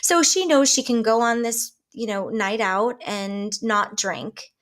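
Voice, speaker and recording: A woman coaching her listeners in a lively, conversational way. Her voice sits a little high, and she slips into short acted exchanges to make a point. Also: takes it slowly. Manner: lively, acts out example dialogues. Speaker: life coach. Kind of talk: coaching talk to camera.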